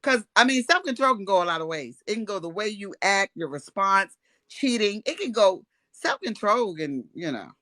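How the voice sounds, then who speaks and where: A woman with a bright, forceful voice, talking in a casual chat. She is animated and preachy, and she laughs now and then. The sound is dry and close. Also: medium pitch, moderate pace, dry recording. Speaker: co-host.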